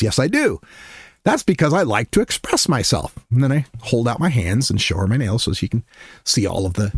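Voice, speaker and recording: A man in his fifties tells a personal story with a lively, swinging pitch. He is self-deprecating and laughs as he goes. The sound is dry and close. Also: no echo. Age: 50s. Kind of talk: conversational storytelling.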